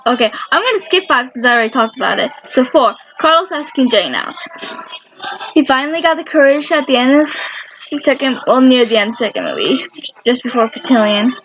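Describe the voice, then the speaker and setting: A woman's voice: high-pitched, very animated, brisk, fairly bright tone. A woman giving a casual fan commentary countdown, rambling and enthusiastic and often correcting herself. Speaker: fan video creator. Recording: dull lo-fi sound with faint noise.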